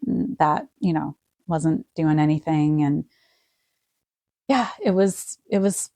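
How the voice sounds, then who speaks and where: Soft-spoken woman telling a painful story. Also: low voice, slow pace, no echo, clean studio sound. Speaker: guest. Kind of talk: personal storytelling interview.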